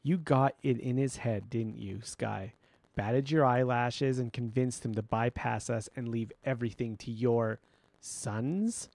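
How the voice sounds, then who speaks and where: A man's voice: mid-range voice, fairly even intonation, unhurried, gravelly, a little mellow, no room sound. A man putting on a bitter, accusing woman. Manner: cold, accusing, voice rising. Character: bitter, resentful adult daughter, a woman.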